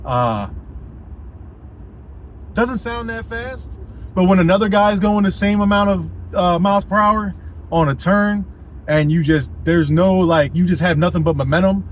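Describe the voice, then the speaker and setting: A man's voice, a little higher than most men's, telling a loose, rambling story in a casual vlog. He swears freely and leans on fillers and "you know what I mean," with a faint hum of noise under him. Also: normal speed, poor audio.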